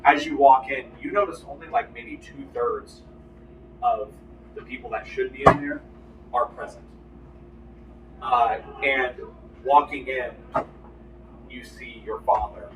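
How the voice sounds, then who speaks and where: A man's voice: medium pitch, lively intonation, a little slow, pauses often. A man leads a tabletop game, describing scenes and calling for dice checks and often restarting his phrases. His voice is distant and roomy, with a faint background hiss. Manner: descriptive narration with frequent restarts. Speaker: game master.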